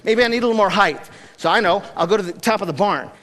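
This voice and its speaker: Guy doing a pushy determined eagle rescuer, high lively voice, long echoey hall. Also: fast talker. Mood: urgent, coaxing.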